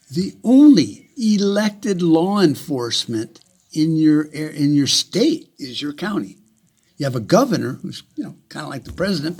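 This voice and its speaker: Heated, profane man ranting, husky voice. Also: fairly high pitch, darkish tone. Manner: repeats words and restarts often. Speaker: vlogger. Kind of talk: angry rant to camera.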